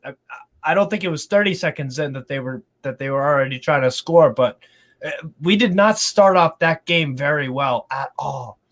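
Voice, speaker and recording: Animated young man chatting football. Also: fairly high pitch, normal speed. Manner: animated, restarts and repeats words. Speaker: fan panelist. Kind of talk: casual football chat.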